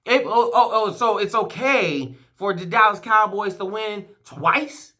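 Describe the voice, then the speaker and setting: A man's voice: sits high, a little slow, bright, forceful tone. A sports fan vlogger, a man, giving a heated, profane and emotional rant, rambling and restarting his sentences. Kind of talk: ranting fan vlog.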